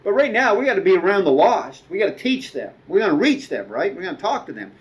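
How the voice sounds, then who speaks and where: A man's voice: high-pitched, sing-song, fast talker, poor audio. A middle-aged man preaching a sermon as a guest speaker, conversational, with asides and quoted dialogue.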